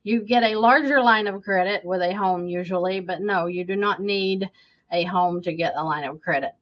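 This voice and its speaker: A woman's voice: fairly low pitch, moderate pace, lo-fi sound. A woman, a financial coach, answers viewer questions emphatically and keeps checking in with "okay?". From United States.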